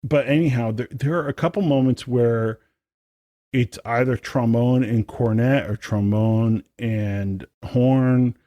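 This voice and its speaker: A man's voice: medium pitch, dark tone, no echo, clean studio sound. A man co-hosting a podcast in casual chat, rambling and enthusiastic, with lots of fillers. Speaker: podcast co-host.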